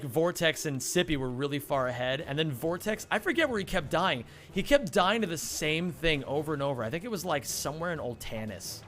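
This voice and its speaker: A young man with a somewhat high, slightly bright voice chats casually while speedrunning a game. He rambles through a funny story, laughing often and swearing casually.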